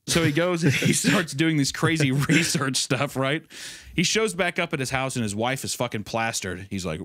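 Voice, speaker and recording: A man co-hosting a podcast in casual chat, telling a story in a rambling, animated way. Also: on the high side, quick pace, dry recording, studio quality. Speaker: podcast co-host.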